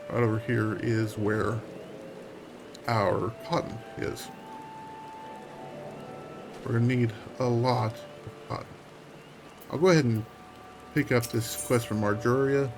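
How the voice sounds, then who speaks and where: A man streaming a game, giving relaxed, wry commentary that half talks to himself. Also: mid-range voice, slow, long pauses, music in the background. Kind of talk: casual gameplay commentary.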